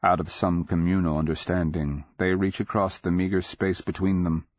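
A man narrating a dark fantasy audiobook in a measured, deliberate, dramatic way. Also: deep voice, level tone, no echo. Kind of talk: scripted literary narration. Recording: slightly muffled dry recording.

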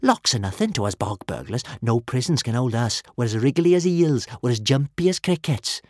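A man's voice: mid-range voice, sing-song, normal speed, a little mellow, no room sound, clean studio sound. A man voicing a bold, cocky young girl burglar in an audiobook, airy and boastful. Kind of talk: audiobook character voice.

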